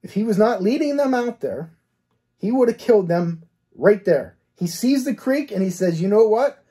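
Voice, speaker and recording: A man with a husky, mellow, darkish voice, speaking as a cold case detective. He reasons through the case one point at a time. He poses rhetorical questions and answers them, and tags his points with a firm "okay?". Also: high voice, lively intonation, normal speed. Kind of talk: case analysis commentary.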